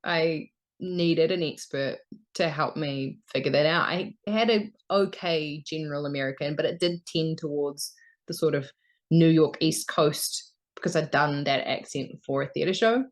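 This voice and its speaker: A young woman from New Zealand talks as a guest in a relaxed interview. Her voice sits on the low side, and she chats freely, laughing often between thoughts. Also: a little slow. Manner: lively, laughs often, chatty. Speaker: voice actor guest. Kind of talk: casual interview chat.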